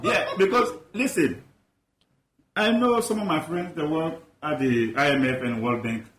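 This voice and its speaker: Guest expert, man from Ivory Coast, emphatic and rhetorical, lightly high pitch. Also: unhurried, fairly bright tone, echoey room. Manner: passionate, emphatic, rhetorical questions. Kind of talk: animated interview talk.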